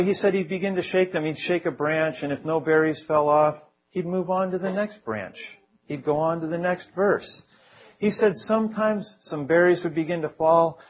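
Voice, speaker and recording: A man's voice: fairly high pitch, dull audio. A man preaching a sermon in an earnest, conversational way, with small jokes and prayerful quotes.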